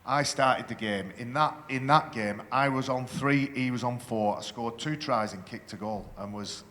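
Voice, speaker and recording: A man's voice: medium pitch, moderate pace, fairly bright tone. A man speaking as a panel guest in a live stage conversation, boastful and joking in his banter. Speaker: panel guest, former rugby league player. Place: festival stage in a hall. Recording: long hall reverb with faint noise.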